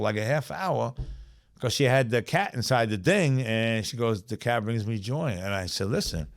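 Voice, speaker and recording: A middle-aged man with a New York accent, telling streetwise stories in a casual, profane podcast chat. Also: mid-range voice. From South Bronx, New York. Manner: streetwise, profane, repeats "you know what I'm saying". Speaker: podcast guest storyteller.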